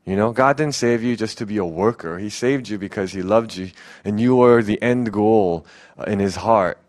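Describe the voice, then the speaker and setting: A man's voice: lowish voice, normal speed, a little mellow. A young man preaching a casual, earnest sermon as a youth pastor, pleading, with many fillers and restarts.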